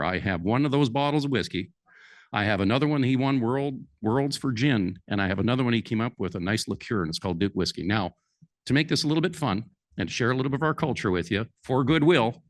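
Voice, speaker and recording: A man's voice: fairly low pitch, no room sound, clean studio sound. Folksy man telling stories. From Alberta, Canada. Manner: folksy, lively storyteller. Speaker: conference speaker. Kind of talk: folksy storytelling to a live audience.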